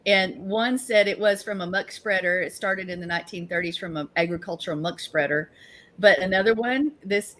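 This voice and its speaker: A woman's voice: medium pitch, normal speed, fairly bright tone. A woman co-host reading aloud in a casual studio chat and giggling along the way.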